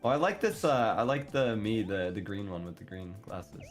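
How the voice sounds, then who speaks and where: A man guesting on a gaming stream, chatting casually with animated, giggly reactions. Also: lowish voice, normal speed, faint music behind. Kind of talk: casual chat while gaming.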